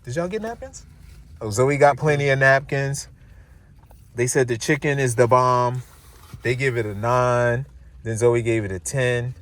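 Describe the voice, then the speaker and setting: A middle-aged man from New Jersey hosting a casual vlog on a handheld phone, lively and chatty, calling his viewers y'all. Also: mid-range voice, unhurried, long pauses. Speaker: vlogger host. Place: restaurant and parked car. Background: music playing.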